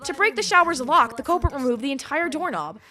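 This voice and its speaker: A woman's voice: high-pitched, expressive, a little fast, pushed and bright, voice pushed up. A woman reading the lines of an earnest teenage boy student in a game, steadily explaining his reasoning.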